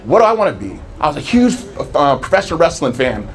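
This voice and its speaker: A man in his forties from Southern California tells his life story to a live audience as a public speaker, earnestly narrating and acting out remembered dialogue. His voice is fairly high, sing-song and fast.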